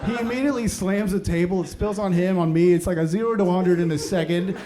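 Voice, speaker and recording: A man in his thirties doing stand-up comedy, swinging between mumbled asides and loud outbursts. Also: high voice, fast, a crowd in the background. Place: comedy stage before a live audience. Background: audience laughter.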